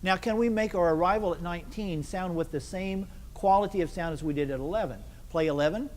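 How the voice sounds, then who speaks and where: A man's voice: high-pitched, brisk. A man leading a band rehearsal, asking questions and answering them himself and counting the players in. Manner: counts the ensemble in. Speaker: band conductor. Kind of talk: rehearsal instruction. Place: rehearsal hall. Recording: long hall reverb, faint noise.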